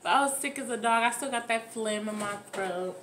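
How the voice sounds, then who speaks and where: A woman's voice: a little high, fairly quick, a bit bright, slight background noise. Woman chatting with her mouth full. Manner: talks with her mouth full between bites. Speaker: mukbang host. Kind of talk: casual eating chat to camera. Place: at home with children nearby.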